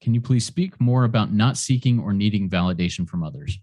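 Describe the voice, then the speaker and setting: A man's voice: lowish voice, brisk, dark tone. A man hosting an online meeting, reflecting briefly and then reading out a question from the audience. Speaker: meeting host.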